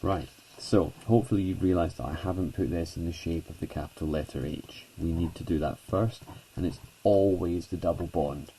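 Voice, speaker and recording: Low, gravelly man teaching chemistry. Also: normal speed, hardly any pauses, mellow, rough recording. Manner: chatty, self-deprecating, lots of "okay" and "so". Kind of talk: whiteboard lesson narration.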